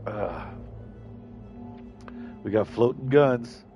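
A man's voice: mid-range voice, lively intonation, very slow, vocal fry, dull audio, music in the background. A man streaming a shooter game live, cursing and trash-talking his opponents. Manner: profane trash talk, shouts at enemies. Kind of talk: live gameplay commentary.

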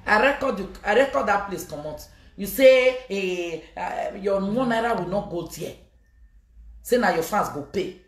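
A woman's voice: medium pitch, expressive, moderate pace, roomy sound. A woman with a Nigerian accent delivering a scolding, emphatic vlog message to her fans, often slipping into Pidgin. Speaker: social media personality addressing fans.

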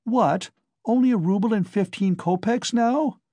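A man reading the part of a nervous, hesitant young man who speaks in a halting, awkward way. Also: on the high side, big pitch swings, vocal fry, dark tone, breathy edge, dry recording, full character voice. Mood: uneasy.

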